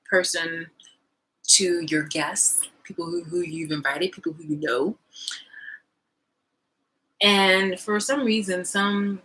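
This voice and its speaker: A young woman vlogging in a casual, animated rant, swearing freely and trailing off into fillers. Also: low voice, slight background noise, poor audio. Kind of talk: casual ranting monologue.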